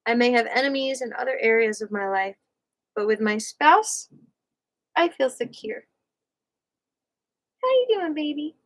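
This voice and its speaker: A woman from New York reads a book aloud on a livestream. Her voice is fairly high and sharply bright, and she takes her time, leaning on key words as she reads. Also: rough recording. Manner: unhurried, leaning on words, breaks off for playful asides. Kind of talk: reading nonfiction aloud on a livestream.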